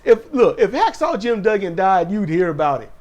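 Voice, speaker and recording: High-voiced man recapping wrestling. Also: moderate pace, dull audio. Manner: animated storytelling, mimics wrestlers in quotes. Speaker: podcast co-host. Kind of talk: casual wrestling recap chat.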